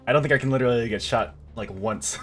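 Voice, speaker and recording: Man, gaming video host, casual commentary, jokey, excitable, bright tone. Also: medium pitch, fast talker, soft background music. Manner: excitable, jokey, yelps and laughs at close calls.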